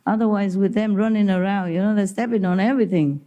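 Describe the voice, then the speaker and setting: A woman's voice: mid-range voice, quick pace, dark tone, dull audio. A woman spiritual teacher giving an informal talk to disciples, telling stories in simple non-native English and laughing often.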